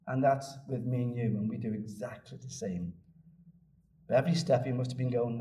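Preacher, lively and repetitive. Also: male voice, mid-range voice, a little fast, a little hiss or hum. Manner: animated storytelling, repeats phrases for emphasis. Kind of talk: sermon. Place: church. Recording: echoey church room from a distance.

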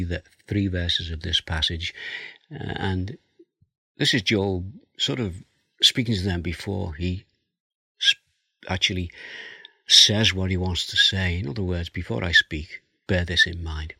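Man, sermon, low husky voice, bright forceful tone, dry close sound. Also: a little slow, no room sound. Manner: expository, reads scripture aloud. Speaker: preacher.

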